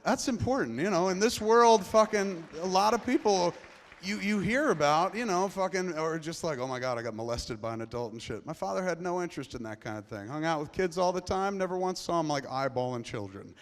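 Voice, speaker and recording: A middle-aged man telling a personal story live on stage, profane and rambling, his voice dropping to a hush and then rising loud. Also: sits high, animated, a little fast. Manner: profane, rambling, swings between hushed and loud. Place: large theater before a live audience. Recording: long reverb of a large hall.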